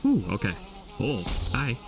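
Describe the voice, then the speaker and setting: A man giving casual, relaxed commentary on his own gameplay, thinking aloud and trailing off mid-thought. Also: medium pitch, a little slow, creaky, far from the mic, background noise. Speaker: gameplay streamer.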